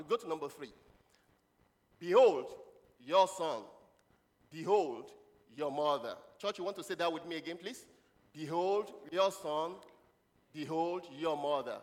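A man's voice: medium pitch, fairly bright tone. A man preaching a children's sermon, leading the congregation in call-and-response and quizzing them with questions and laughs. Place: church hall. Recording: long hall reverb.

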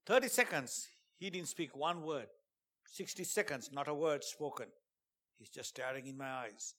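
A man preaching a sermon and telling a dramatic testimony, dropping to a hush and then rising to shouts. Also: on the high side, normal speed. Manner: dramatic storytelling, swings from hushed to shouting; preaching with emphatic call-outs.

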